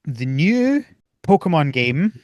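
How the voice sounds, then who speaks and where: A man co-hosting a casual gaming podcast, excitable, acting out his own reactions. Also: a little high, takes it slowly, dry recording, highs cut off. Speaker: podcast co-host.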